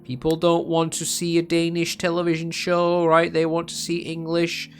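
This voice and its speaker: A man's voice: on the high side, monotone, normal speed. Rambling Dutch-accented young man. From Netherlands. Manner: rambling and self-mocking, with frequent ums and restarts. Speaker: gaming streamer. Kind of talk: casual rambling chat while gaming.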